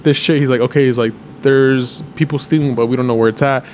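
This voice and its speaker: A man's voice: mid-range voice, steady tone, fast, a little mellow. Rambling, profane young man. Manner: rambling, profane, laughing retellings. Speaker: podcast co-host. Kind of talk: casual movie review chat. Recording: faint background noise.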